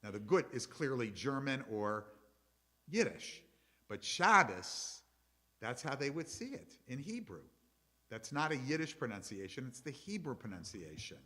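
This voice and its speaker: A man's voice: mid-range voice, bright, forceful tone. A middle-aged man, a rabbi, giving a chatty, explanatory lecture to his congregation and taking questions from the audience.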